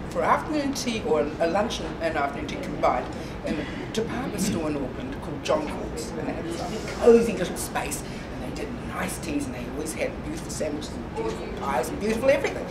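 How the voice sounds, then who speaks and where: A woman's voice: lowish voice, animated, a little fast. A woman chatting through a personal story at a library morning tea, self-deprecating, laughing often and full of ums. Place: library meeting room. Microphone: distant room recording. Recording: echoey room from far off, with background noise.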